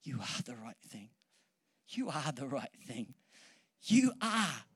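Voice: mid-range voice, sing-song, slow, breathy edge. Preacher mid-sermon before a live room; earnest, repetitive for emphasis, light humor with the crowd. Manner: earnest, repeats key phrases for emphasis. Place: church hall or meeting room with an audience.

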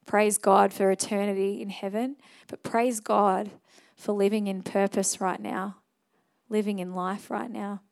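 A woman's voice: medium pitch, level tone, unhurried, gravelly, darkish tone. A young adult woman delivers a church sermon in a mid-range voice. She talks earnestly and conversationally, with small restarts and fillers. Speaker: preacher. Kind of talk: sermon with altar call and prayer.

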